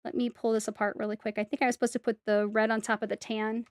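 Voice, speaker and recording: A woman's voice: fairly high pitch, little pitch movement, quick pace, smooth, dry recording, studio quality. Chatty woman narrating a brick build. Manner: chatty, talks to herself and viewers, self-correcting. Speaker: streamer building a brick set. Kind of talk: casual step-by-step build commentary.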